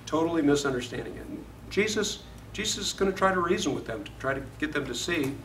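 Guy teaching bible class, kinda high voice, chatty, asks the room stuff, echoey and far from mic. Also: animated, fast, fairly bright tone, a little hiss or hum. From Florida. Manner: conversational, asks the class questions.

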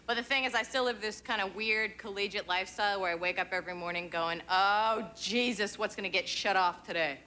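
A woman's voice: medium pitch, pushed and bright. A woman in her twenties performing a stand-up set, with sardonic, self-deprecating asides and playful jabs. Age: 20s. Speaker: stand-up comedian. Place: comedy club stage with live audience. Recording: TV broadcast with crowd laughter and noise. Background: audience laughing.

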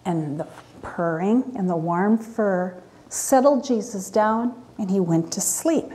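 Animated woman telling children a story. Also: medium pitch, takes it slowly, husky. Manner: animated, asks children questions.

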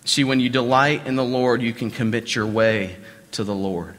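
A man with a Southern American accent and a slightly bright, medium-pitched voice speaks at normal speed. Preaching as pastor in a church sanctuary, he's conversational, repeating phrases and asking the congregation questions, with long hall reverb on the recording.

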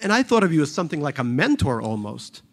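A self-pitying wealthy fund manager, as a man reading a novel puts him on, whines and pleads in a raised, sing-song voice. His pitch leaps and falls with every protest. Indignant and defensive, he is an audiobook character who feels wronged. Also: very animated, fast.

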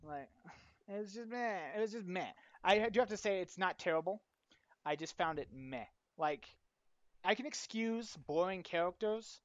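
A young man co-hosting a casual podcast chat, animated and swearing casually as he acts out quotes. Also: high-pitched, normal speed, no room sound. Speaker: podcast co-host. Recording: dull, dry home mic.

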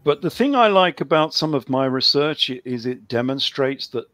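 A man's voice: medium pitch, expressive, moderate pace, a bit bright, no echo. A man talking on a call-in show, rambling with lots of ums and a dry humor. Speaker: guest author. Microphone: video call.

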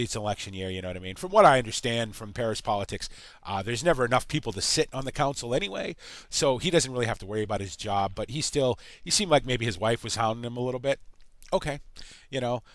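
A man's voice: medium pitch, animated, a bit bright, no room sound. Rambling American man narrating a farm game. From United States. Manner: halting, full of uh and you know. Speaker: gaming channel host. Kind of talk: rambling let's-play commentary.

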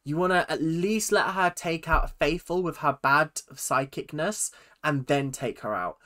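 A YouTube host giving casual, animated reaction commentary with frequent laughs and exclamations. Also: medium pitch, unhurried.

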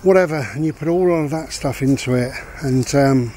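A man's voice: medium pitch, moderate pace, mellow, slight background noise. Reflective man rambling outdoors. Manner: reflective, repeats his key points. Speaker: vlogger giving life advice. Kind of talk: casual rambling monologue. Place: outdoors walking a dog.

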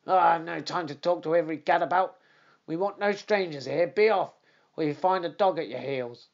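Man playing a bullying old stable trainer, gruff and loud, raised and forceful, lo-fi. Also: sits high, a little slow, voice pushed up. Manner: gruff, shouting and blustering. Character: fierce bullying elderly male horse trainer.

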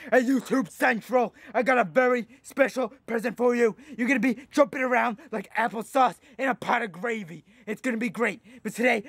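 A man's voice: very high-pitched, creaky, fairly bright tone, husky, no room sound, full character voice. A man playing a hot-tempered, boastful eighty-year-old food reviewer who rambles and rants, repeating himself as he goes. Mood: weary. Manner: rambling, ranting, repeats "let me tell you something". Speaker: comedy YouTuber in character. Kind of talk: comedic character monologue.

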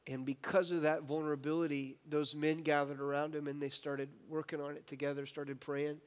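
A man's voice: a little high, little pitch movement, a little fast, clear, resonant tone. Impassioned preacher man in a reverberant church. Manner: impassioned, conversational preaching with repeated restarts. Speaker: pastor. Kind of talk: sermon. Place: church sanctuary.

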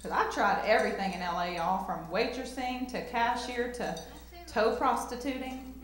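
Her pitch is fairly high and her tone steady at normal speed as this young woman, a Southern US country native, works a comedy club crowd. Holding a handheld mic in the echoey room, she drawls self-mocking jokes and breaks into shouted rap bits.

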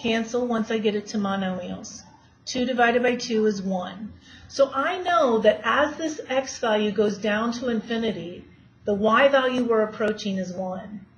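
Here a woman teaching math poses questions to her students while solving problems during a lecture. Her pitch is fairly high and her speed normal. The audio is a dull, lo-fi classroom capture with a faint hiss.

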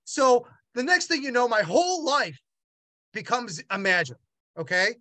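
A middle-aged man, a gallery owner, telling a personal story in an animated way with many halting restarts. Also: very high voice, no echo. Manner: animated, acts out other voices in quotes. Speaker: gallery owner and art dealer.

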